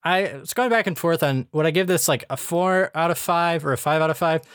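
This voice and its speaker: A man's voice: a little high, fairly quick, a bit bright, clear, resonant tone, dry recording, studio quality. A man hosting a podcast in casual chat, chatty with many fillers and frequent laughs. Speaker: podcast host reviewing episodes.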